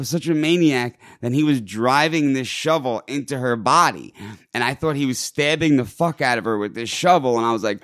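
A man tells a crude, lively story in casual conversation, swearing freely and shouting out the quoted lines. His voice sits in a middle register. The sound is dry and close to the mic. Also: mid-range voice, no echo. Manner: profane, animated, acts out shouting in quotes.

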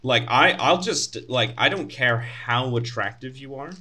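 Bright-voiced young American man, sarcastic. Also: medium pitch, animated, measured pace, slight background noise. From United States. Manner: blunt, sarcastic storytelling with swearing. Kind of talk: casual chat.

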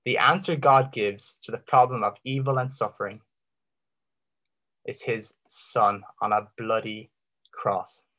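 A man giving an impassioned Christian apologetics talk, full of rhetorical questions and dramatic pauses. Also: fairly low pitch, pushed and bright. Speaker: Christian speaker.

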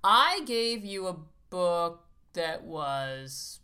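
A woman's voice: fairly low pitch, animated, drawn-out words, sharp tone, clean tone. A woman co-hosting a casual book chat, chatty and playful with jokey asides. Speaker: podcast co-host.

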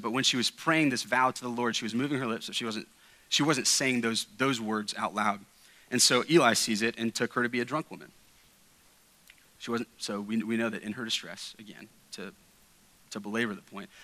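A man preaches a sermon with a bright, forceful edge to his voice. He talks earnestly and emphatically, circling back on his words and dropping in casual asides as he teaches. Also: medium pitch, rough recording. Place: church sanctuary.

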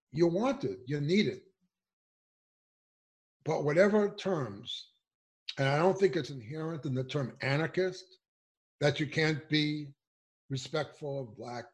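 A man giving impassioned political commentary, emphatic and indignant, firing off rhetorical questions. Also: a little high. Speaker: political speaker.

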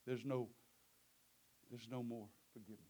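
A man's voice: medium pitch, flat delivery, moderate pace, warm tone, a little hiss or hum. A male preacher, delivering an impassioned sermon in a sing-song preaching cadence.

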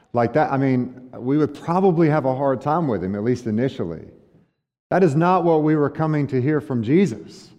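In a conversational sermon, a male pastor poses rhetorical questions to his congregation. His medium-pitched voice is animated and dark-toned, moving at a moderate pace. The audio is dull and lo-fi, with long hall reverb.

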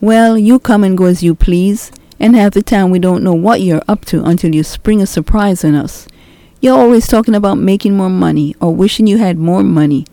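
A woman reading the part of a patient father in a read-aloud family novel, mild and even-tempered, with a warm, mellow voice. The sound is dry and close to the mic. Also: medium pitch, moderate pace, dry recording, close to an everyday voice. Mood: calm. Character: calm, patient middle-aged father. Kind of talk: storybook reading.

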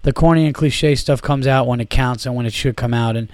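A man's voice: medium pitch, a little fast, a little mellow, no room sound. A man hosting his own comedy podcast, ranting and swearing heavily with lots of fillers. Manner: rambling, heavy swearing, fillers. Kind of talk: profane solo podcast rant.

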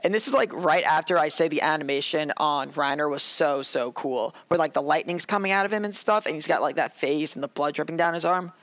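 Young male co-host, animated rant, slightly high voice, dry close sound. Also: fairly quick, hardly any pauses, no echo. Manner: animated, ranting, acts out characters' lines. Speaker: podcast co-host. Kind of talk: casual anime review chat.

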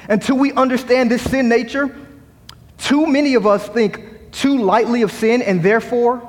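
A man's voice: high-pitched, big-room sound. A man pastor delivering a sermon, quoting scripture and mixing in humorous asides. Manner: preaching with rising emphasis, quoting scripture. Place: church sanctuary.

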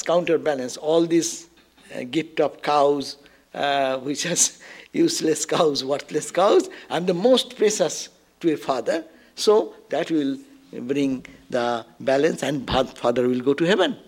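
A male spiritual teacher giving a discourse on a scripture story. He tells it in an animated way, chuckles often and keeps adding rhetorical asides to explain it. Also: a little high.

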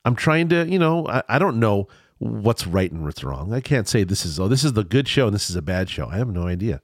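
The podcast host speaks in a lowish voice with big pitch swings, fairly quickly, in casual chat. Congested and nasal, he rambles, repeats words and keeps restarting, and the studio sound is clean with no echo.

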